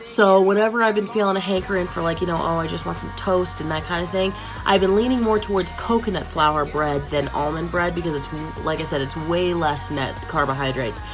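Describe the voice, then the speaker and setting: Chatty woman vlogger, lowish voice. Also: fairly quick, few pauses, music in the background. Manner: chatty, upbeat and candid. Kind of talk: casual video diary.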